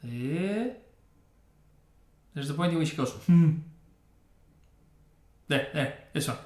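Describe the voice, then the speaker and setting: A man's voice: on the high side, expressive, measured pace. A man hosting a game reaction video, giving opinionated, sarcastic commentary and laughing often. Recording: roomy echo.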